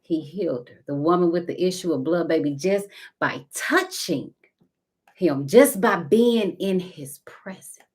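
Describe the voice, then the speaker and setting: A woman giving a casual spiritual tarot reading, talking intimately to viewers and calling them baby and honey, sometimes dropping to a soft whisper. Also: on the low side, lively intonation, unhurried, breathy edge. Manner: intimate and chatty, calls listeners baby and honey. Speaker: tarot card reader.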